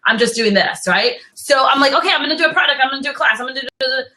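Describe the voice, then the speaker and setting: A woman with a New Jersey accent, co-hosting a live stream, chatting casually in an animated, rambling, playful way. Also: high-pitched, very fast, low-quality recording. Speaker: co-host.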